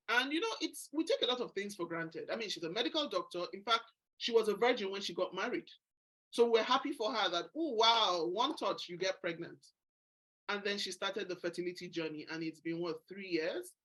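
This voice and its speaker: A woman in her forties hosting a book club discussion, telling candid stories and quoting the people in them. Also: mid-range voice. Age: 40s. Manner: candid, animated storytelling with quoted voices. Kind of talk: casual group discussion.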